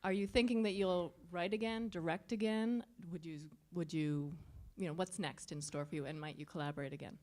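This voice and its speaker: A person with a mellow, mid-pitched voice asks a panel a question. They hesitate and rephrase as they go. The tone is plain and conversational. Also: fairly even intonation, a little fast, few pauses. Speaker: audience member asking a question. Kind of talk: audience question.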